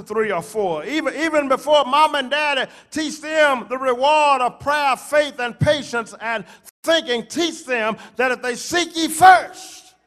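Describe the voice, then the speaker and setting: A man preaching a sermon, repeating phrases and rising to shouted climaxes. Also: very high-pitched. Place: church sanctuary.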